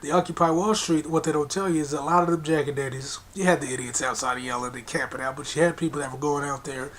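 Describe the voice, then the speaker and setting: A man rants in an angry, profanity-laced monologue, repeating himself for emphasis and talking straight at the listener. His voice sits somewhat high for a man. A faint low rumble runs underneath. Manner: repetitive emphatic hammering of points. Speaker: political commentator. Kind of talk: monologue rant.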